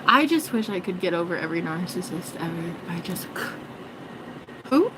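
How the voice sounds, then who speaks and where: A woman's voice: on the low side, expressive, measured pace, noisy background. A woman vlogging in a rambling, joking monologue, swearing and mocking herself. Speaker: spiritual vlogger.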